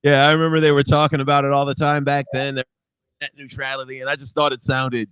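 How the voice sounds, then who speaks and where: A man's voice: medium pitch, completely flat delivery, fast talker, fairly bright tone, clean tone, no room sound. A young adult man, a guest musician, telling stories in casual chat, laughing often and swearing freely.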